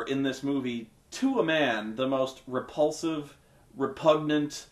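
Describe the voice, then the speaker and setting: A man's voice: mid-range voice, slow pace. A man giving a casual, rambling spoken film review with many fillers, restarts and blunt swearing. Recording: echoey room.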